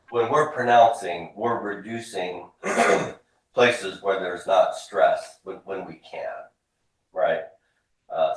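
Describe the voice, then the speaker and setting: A man teaching a classroom lesson, explaining patiently, often repeating words and drilling forms aloud for students to echo. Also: fairly low pitch. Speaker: Hebrew instructor. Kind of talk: classroom lecture. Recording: echoey classroom from far off.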